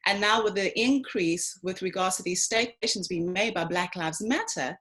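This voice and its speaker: A woman's voice: medium pitch, moderate pace, low-quality recording. A woman giving a talk, speaking emphatically and addressing her listeners directly. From South Africa. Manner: emphatic, lively, addresses listeners as ladies and gents. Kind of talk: lecture to an online audience.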